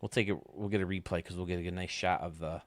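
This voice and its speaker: A man's voice: low-pitched, steady tone, fast, no echo. A man streaming a baseball game, rambling and joking casually with his chat. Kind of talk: casual chat while playing.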